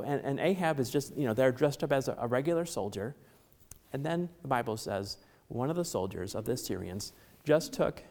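Preacher, male, animated storyteller who voices each character, long hall reverb. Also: medium pitch. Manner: animated, acts out characters' lines in quick voices. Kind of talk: sermon retelling a Bible story.

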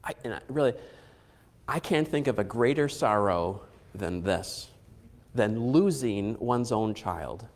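A man's voice: on the low side, expressive, darkish tone. Earnest preacher man in an echoey hall. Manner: earnest, halting, with repeated restarts. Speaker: pastor. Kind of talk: sermon.

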